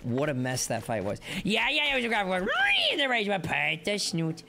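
A man streaming live gameplay commentary, excitable and playful, rambling on and chatting with his viewers. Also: sits high, fairly quick, gravelly, a little hiss or hum.

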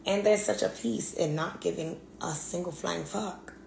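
A woman's voice: fairly low pitch, moderate pace, creaky, a little mellow. Profane, ranting woman in an echoey room. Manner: profane, repetitive, blunt. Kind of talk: angry monologue rant. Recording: echoey room, faint background hum.

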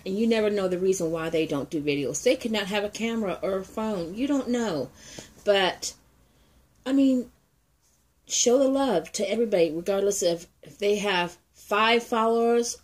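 A woman's voice: mid-range voice, darkish tone. A woman unboxing nail art mail for her viewers, chatty and heartfelt, with a grandchild, calling her audience ladies and getting teary. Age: older. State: tearful. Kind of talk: casual unboxing vlog.

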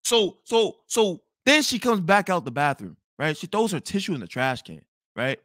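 A young man spins a storytime monologue in a bright, forceful voice, his pitch leaping all over. He swears freely and jumps between loud outbursts and low mutters, recorded dry and close. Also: sing-song, moderate pace, no echo. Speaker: podcast host.

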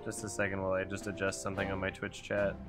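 Low-voiced joking male streamer. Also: monotone, fast. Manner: joking, crude, laughing asides to chat. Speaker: game streamer. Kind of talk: casual gameplay commentary. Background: game music.

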